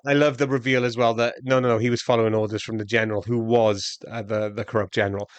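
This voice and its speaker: Relaxed man in podcast chat. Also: on the low side, fast talker, dry recording. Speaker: podcast co-host. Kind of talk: casual film-review chat.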